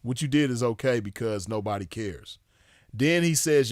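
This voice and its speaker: A man's voice: medium pitch, expressive, normal speed, no room sound. Drawling, scornful man in a dry room. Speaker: commentator. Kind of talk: casual commentary.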